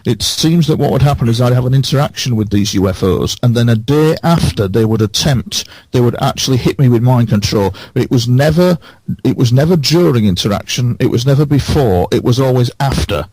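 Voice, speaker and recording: A man on a radio show who recounts his experiences earnestly, halting and repeating phrases for emphasis. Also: medium pitch, lively intonation, a little mellow, slightly rough, dry recording. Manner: halting, with many false starts.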